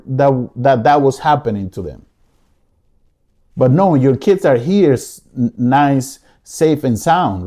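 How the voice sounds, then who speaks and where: Male podcast host, mellow warm tone, mid-pitched, impassioned pleading monologue with frequent repetition. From United States. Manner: emotional, pleading, repeats himself. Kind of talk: impassioned solo commentary. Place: living room.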